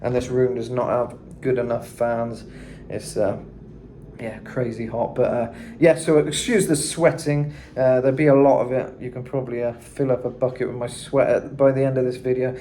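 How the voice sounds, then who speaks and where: A man's voice: mid-range voice, little pitch movement, moderate pace, mellow, a little hiss or hum. A man giving a casual singing tutorial, chatting loosely with lots of fillers and asides. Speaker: vocal coach. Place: hot room indoors.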